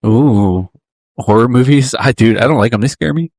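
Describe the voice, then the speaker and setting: A man's voice: mid-range voice, normal speed, a little mellow, no echo, clean studio sound. A young man co-hosting a casual comedy podcast, laughing often and talking crude and jokey. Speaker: podcast co-host.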